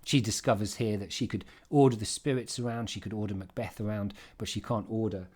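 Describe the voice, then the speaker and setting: A man giving an informal, emphatic revision lesson on a play, with quick asides and restarts. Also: on the low side, steady tone, a little mellow. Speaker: English literature teacher.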